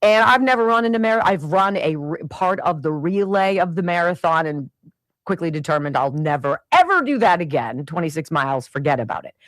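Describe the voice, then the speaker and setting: A middle-aged woman hosts a radio show, spinning a family story in a low-pitched voice that swings widely up and down. She talks in an exasperated, animated way and acts out the other people's lines. The sound is close and dry. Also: brisk, dry recording. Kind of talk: storytelling monologue.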